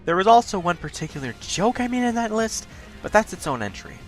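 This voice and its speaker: A man hosting a countdown video, talking fast with occasional stutters in a blunt, self-critical way. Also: sits high, very animated, soft background music. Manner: talks fast, stutters at points. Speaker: YouTube countdown host. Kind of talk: scripted countdown commentary.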